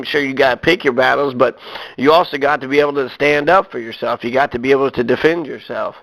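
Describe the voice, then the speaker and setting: A man's voice: fairly high pitch, a bit bright, poor audio. A man delivering a personal rant to his viewers, blunt and profane, stumbling over fillers and restarts as he works himself up. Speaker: vlogger.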